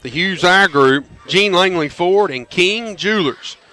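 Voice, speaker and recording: A man calling a high school football game on local radio, folksy and prone to loud excited calls on big plays. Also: unhurried. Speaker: play-by-play announcer. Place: stadium press box.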